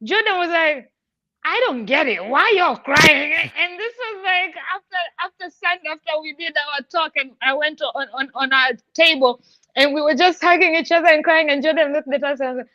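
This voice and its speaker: A woman's voice: sits high, fairly even intonation, fairly quick, bright, forceful tone, no room sound, dull audio. A woman hosting a podcast, talking in an effusive, heartfelt way and laughing often. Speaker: podcast host. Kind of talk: emotional casual chat.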